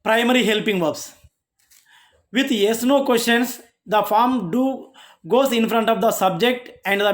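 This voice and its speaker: A college lecturer with an Indian English accent giving a grammar lesson, halting often and restarting sentences as they explain each example. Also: medium pitch.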